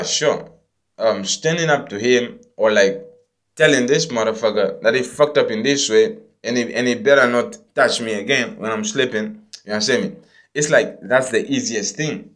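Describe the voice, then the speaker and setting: An intense man preaching his own views in a looping, unscripted monologue. He swears freely, stumbles over repeated words and keeps pressing the listener with the same question. His voice sits at an ordinary middle pitch for a man. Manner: profane, keeps asking "you understand me?"; repeats and restarts words often. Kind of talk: rambling spoken monologue.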